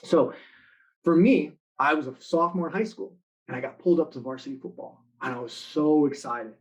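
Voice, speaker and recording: Animated male motivational speaker, higher voice. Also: a little fast, poor audio. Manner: animated storytelling, acting out quoted lines. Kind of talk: motivational talk to students in an online live session.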